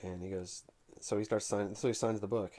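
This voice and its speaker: Casual male vlogger, lowish dark voice, rambling storyteller. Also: fairly even intonation. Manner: unhurried, conversational storytelling. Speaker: comic collector vlogger.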